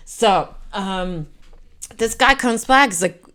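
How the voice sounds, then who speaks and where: A woman's voice: medium pitch, slow pace. A woman, telling a rambling personal story in a casual vlog. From Quebec. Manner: animated, rambling, self-interrupting. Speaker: storyteller vlogger.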